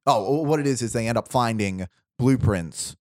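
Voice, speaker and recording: On a podcast, a host with a medium-pitched voice spins a long, rambling story to pitch a film idea, restarting sentences, laughing often and dropping quick asides. The recording has studio quality and no room sound.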